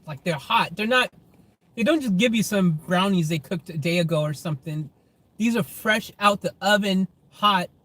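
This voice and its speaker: A man's voice: high voice, fairly bright tone. A man chatting casually to viewers on a phone livestream from inside his car, laughing often.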